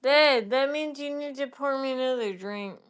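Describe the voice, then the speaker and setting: A woman's voice: high-pitched, moderate pace, fairly bright tone. A young woman from Alabama with a light Southern accent, chatting casually on a live stream and passing along her father's remarks. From Alabama, USA. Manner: relays her father's remarks, laughs often. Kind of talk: casual chat.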